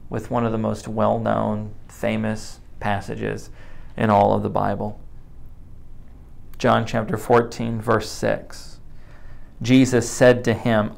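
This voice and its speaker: A man's voice: mid-range voice, fairly even intonation, a little slow, gravelly. A man preaching a sermon as a pastor, telling stories earnestly and stumbling over repeated restarts.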